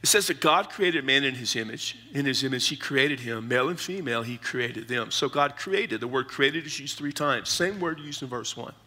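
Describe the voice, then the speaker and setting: A male pastor preaching a sermon, explaining scripture in short, measured phrases. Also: medium pitch, pushed and bright. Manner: explanatory teaching, pausing between short phrases.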